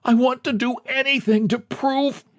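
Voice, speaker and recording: A man's voice: sing-song, normal speed, gravelly, full character voice. A man playing a broken, begging clerk. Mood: pleading. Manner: pitiful, high and begging. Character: broken middle-aged man pleading to be believed.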